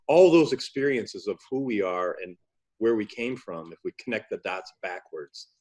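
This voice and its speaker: A man's voice: lowish voice, expressive, normal speed, darkish tone. A man in his fifties with a New York accent, an enthusiastic podcast host interviewing a guest. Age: 50s. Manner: enthusiastic, announcer-like intros.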